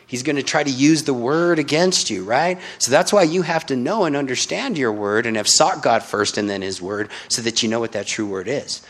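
A man's voice: medium pitch, lively intonation, normal speed, hardly any pauses, a bit bright. A man preaching in an informal Bible-teaching style, often checking in with his listeners. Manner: informal, keeps asking "right?".

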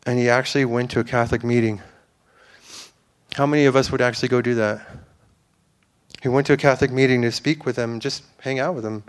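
A man's voice: mid-range voice, steady tone, fast talker, long pauses, clear, resonant tone. A man giving an informal, earnest sermon to a church, rambling with fillers and restarts. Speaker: preacher.

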